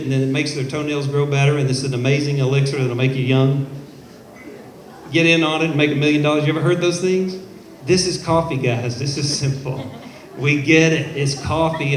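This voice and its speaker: Pumped-up guy selling to a room full of people, kinda high voice, echoey hall with a little background hiss. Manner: upbeat, persuasive, addresses the crowd directly. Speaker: company presenter. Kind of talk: live sales pitch to an audience. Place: event at a car showroom.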